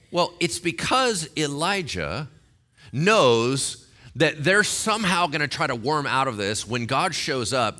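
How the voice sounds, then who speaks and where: A man preaching a sermon, animated and joking, acting out the voices of people in the story. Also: a little high. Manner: animated, jokey, acts out quotes. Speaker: pastor.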